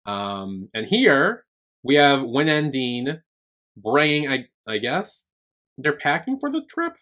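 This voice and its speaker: Guy rambling thru a show recap on a podcast, says "like" a ton, middle pitch. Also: big pitch swings, takes it slowly, a bit bright. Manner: rambling, many fillers and "like". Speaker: podcast co-host. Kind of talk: casual chat recapping a TV series.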